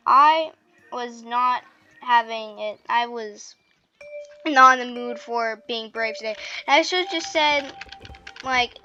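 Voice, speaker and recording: Woman, high bright voice, rambling casual storytelling, faint keyboard clicks behind. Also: takes it slowly, highs cut off, slight background noise. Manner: rambling, chatty, full of "like" and restarts. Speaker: gaming channel host. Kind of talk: casual storytelling while playing a game.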